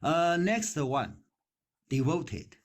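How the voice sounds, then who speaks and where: A man in his sixties, retired, speaking simple, halting non-native English with many fillers in a casual practice conversation. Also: a little high, sing-song, a little hiss or hum.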